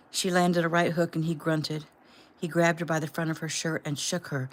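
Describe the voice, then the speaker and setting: A woman casually reading her own novel aloud at home in a plain, unhurried way. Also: sits low, level tone. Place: home room.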